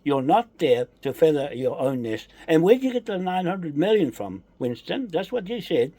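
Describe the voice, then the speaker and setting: Husky, lively-voiced man. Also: a little high, normal speed, no echo. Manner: accusatory, repetitive, emphatic. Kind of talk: angry political rant.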